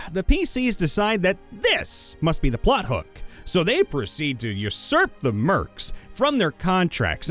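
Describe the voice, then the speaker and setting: A man narrating viewer-submitted tabletop game stories with animated, playful asides. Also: a little high. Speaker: story channel narrator. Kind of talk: reading viewer stories aloud.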